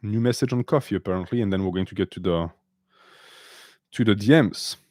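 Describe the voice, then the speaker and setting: In a laid-back live-stream Q&A, a male host responds to viewer questions with blunt sarcasm, switching from English to French and back. His fairly low voice is a little mellow and brisk, captured at studio quality with no echo.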